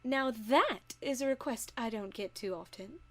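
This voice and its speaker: A woman's voice: fairly high pitch, expressive, normal speed, fairly bright tone. A woman voicing a refined, fashionable unicorn mare who makes dresses, in a fan audio drama. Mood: gracious. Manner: posh, theatrical and elegant.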